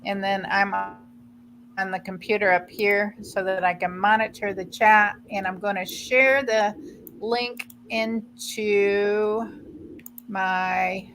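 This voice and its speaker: A woman's voice: mid-range voice, steady tone, takes it slowly, fairly bright tone, a little hiss or hum, poor audio. Chatty mother hosting a live stream. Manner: chatty, a bit scattered, talks to viewers. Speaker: vlog host. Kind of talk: casual live-stream chat. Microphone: computer mic on a live stream.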